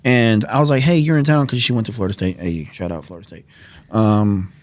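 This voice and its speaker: A man's voice: on the low side, a little fast, dry recording. A man in his twenties from New York, a podcast guest telling his life story in casual conversation, acting out quoted dialogue with lots of fillers. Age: 20s. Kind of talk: personal testimony in casual conversation. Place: podcast studio.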